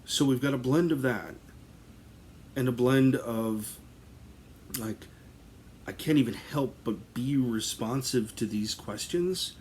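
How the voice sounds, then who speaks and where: A man's voice: medium pitch, slow pace, long pauses, a little mellow, slight background noise. A man casually telling a comic story on a podcast, rambling through lots of fillers and breaking into laughter. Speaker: podcast host.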